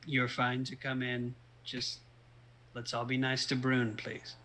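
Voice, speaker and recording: A man's voice: medium pitch, monotone, takes it slowly, sharp tone, poor audio. A man voicing an easygoing male adventurer in a tabletop game, speaking hesitantly. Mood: calm.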